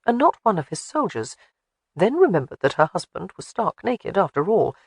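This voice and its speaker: A man reading an audiobook in a measured, even way. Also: sits high, gravelly, slightly rough, no echo. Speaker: audiobook narrator. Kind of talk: scripted narration.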